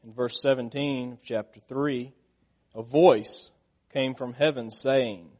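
A middle-aged man preaching a sermon, asking the listeners questions and getting louder and higher when he stresses a point. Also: fairly even intonation, a little slow.

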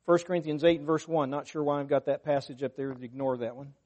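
Guy preaching a sermon, bit higher voice, gets loud and punchy on the bible quotes. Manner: earnest, emphatic, rises on scripture quotes; unscripted, talks to the congregation.

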